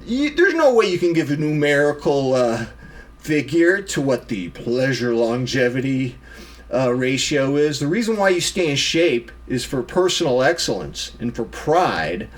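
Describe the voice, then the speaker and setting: A man's voice: medium pitch, big pitch swings, a little slow. A middle-aged man vlogging to camera, emphatically scolding himself for his own excuses and calling himself out by name. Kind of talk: self-critical monologue to camera.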